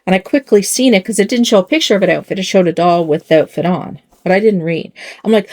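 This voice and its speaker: A woman's voice: mid-range voice, animated, fast talker, darkish tone. Rambling, chuckling older woman. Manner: rambling, self-mocking, chuckling often. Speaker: doll channel host. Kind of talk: casual chat while dressing a doll.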